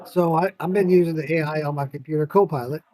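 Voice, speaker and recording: A man hosting a casual podcast, telling stories in an animated way, swearing freely and laughing often. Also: a little high, fast. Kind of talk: casual chat.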